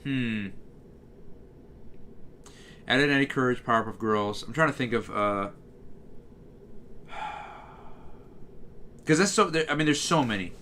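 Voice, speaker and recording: Brief: live streamer, bright tone, loose rambling chat to viewers, lots of false starts. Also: male voice, medium pitch, a little slow, pauses often, slight background noise. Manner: rambling, reading chat aloud, many fillers and restarts.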